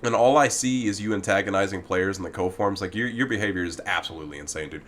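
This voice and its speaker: A man's voice: low voice, fast talker, fairly bright tone. Heated, profane man ranting. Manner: talks directly to the person he criticizes. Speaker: gaming commentator. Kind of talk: ranting commentary video.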